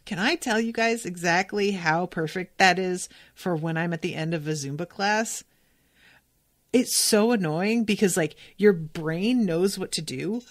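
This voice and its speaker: A woman's voice: on the low side, no room sound. A woman hosting a podcast, casually recapping an episode with lots of filler words and amused asides. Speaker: podcast host recapping a cartoon.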